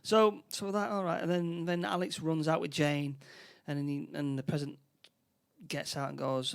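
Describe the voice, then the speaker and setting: A man with a Northern English accent, co-hosting a podcast and retelling a film plot in a halting, restarting way. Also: fairly high pitch, level tone, gravelly, smooth. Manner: halting, many restarts, acts out character lines. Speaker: podcast co-host. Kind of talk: casual film recap chat.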